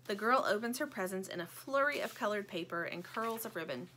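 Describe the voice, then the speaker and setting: A woman narrating a children's book in an expressive, playful storytelling manner. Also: medium pitch, brisk, a little hiss or hum. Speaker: audiobook narrator.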